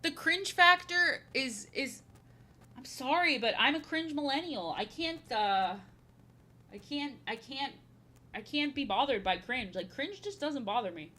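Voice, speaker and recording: A woman's voice: high voice, expressive, measured pace, fairly bright tone. A woman in her thirties chatting casually while painting on a stream, rambling and repeating her own phrases, playful and prone to slipping into silly voices.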